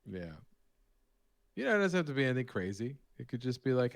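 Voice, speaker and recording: A man co-hosting a live painting stream, chatting casually and telling rambling, animated stories. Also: medium pitch, a little fast, vocal fry, no room sound. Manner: rambling, animated storytelling with restarts. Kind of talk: casual chat.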